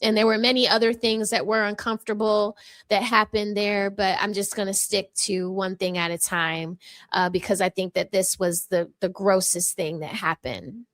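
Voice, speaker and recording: A woman's voice: mid-range voice, little pitch movement, normal speed, fairly bright tone, no echo. A woman hosting her own channel, giving an impassioned commentary with a sassy, emphatic, mock-courtroom delivery into a microphone. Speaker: channel host.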